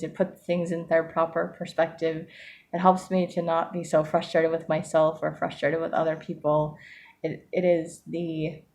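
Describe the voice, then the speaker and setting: A woman talking in a casual personal vlog, reflective and earnest, often laughing softly and restarting her sentences. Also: on the low side. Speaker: vlogger.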